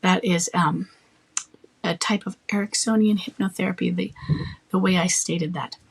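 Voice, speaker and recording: A woman's voice: on the low side, fairly even intonation, moderate pace, gravelly, breathy edge. A woman coach giving advice in a firm, matter-of-fact way, acting out short bits of dialogue. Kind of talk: advice talk.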